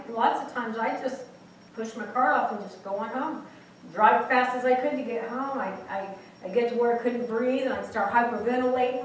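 A woman's voice: fairly high pitch, a little hiss or hum. A woman preaching a sermon in a small church, speaking candidly and personally, with many restarts. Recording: very echoey church room from far off.

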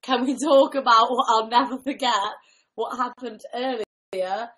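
A young woman co-hosting a casual livestream, with a dry, deadpan humour. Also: fairly high pitch, moderate pace, low-quality recording. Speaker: livestream co-host. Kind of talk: casual chat.

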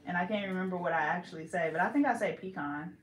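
A woman's voice: lowish voice, fast. A woman vlogger from the Bay Area of California, chatting casually in a playful, giggly way and second-guessing herself. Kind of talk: casual chat. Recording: echoey room, faint background hiss.

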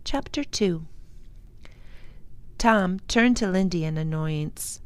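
A woman's voice: fairly low pitch, clean tone, no echo. A woman who works as a children's librarian reading a chapter book aloud for kids. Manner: slow, expressive. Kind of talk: storybook read-aloud for children.

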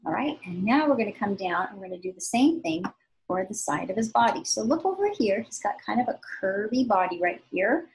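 Patient art teacher woman, gravelly voice. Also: mid-range voice, big pitch swings, a little hiss or hum, low-quality recording. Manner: slow, patient, sing-song instructions to kids. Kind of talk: step-by-step drawing lesson for young children.

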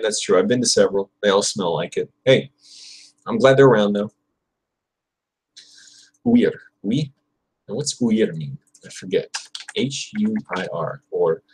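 Young guy livestreaming his spanish practice, slow husky voice, kinda low, repeats verbs over and over. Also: poor audio. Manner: drills verb forms aloud, chats with viewers between. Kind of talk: casual livestream study session.

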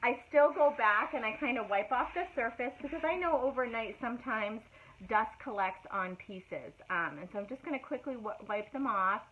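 A woman's voice: fairly high pitch, animated, moderate pace. A middle-aged woman, chatting casually as she demonstrates furniture painting on a live stream, full of fillers and greetings. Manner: chatty, many fillers, greets viewers by name. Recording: tinny phone-like audio with faint noise.

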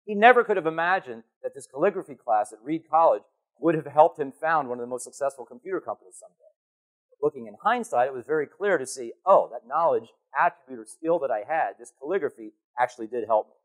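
A man giving a conference keynote on stage, animated and playful as he calls volunteers up from the audience. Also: mid-range voice, quick pace. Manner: animated, calling to the crowd, playful. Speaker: keynote speaker.

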